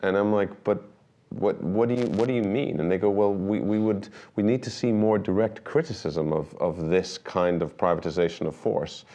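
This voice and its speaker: A middle-aged man, a documentary filmmaker, telling stories in a relaxed interview and acting out the dialogue he quotes. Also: sits low, normal speed. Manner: animated anecdotes, acts out quoted dialogue. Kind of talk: conversational storytelling interview.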